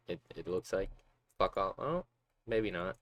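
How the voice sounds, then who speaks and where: A man's voice: low voice, lively intonation, takes it slowly, fairly bright tone, dry recording. A man streaming a game, reading its text aloud and joking with crude, self-mocking asides. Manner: joking and profane, laughs at himself. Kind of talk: casual game livestream, reading and commenting.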